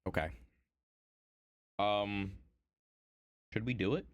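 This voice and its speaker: Low, smooth-voiced male streamer. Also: slow. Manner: rambling, filler-heavy, self-deprecating. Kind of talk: casual storytelling during an art stream.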